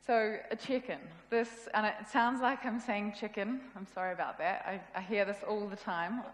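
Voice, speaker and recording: A woman's voice: medium pitch, fairly even intonation, moderate pace. A woman with a New Zealand accent giving a casual, self-deprecating conference talk. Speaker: conference speaker. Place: event hall. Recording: echoey hall with long reverb.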